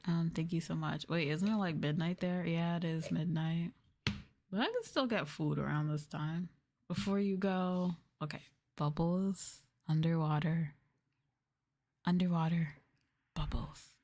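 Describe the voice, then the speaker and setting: Young woman streamer, low and soft, chatty ASMR talk, filler-heavy. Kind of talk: soft-spoken ASMR chat.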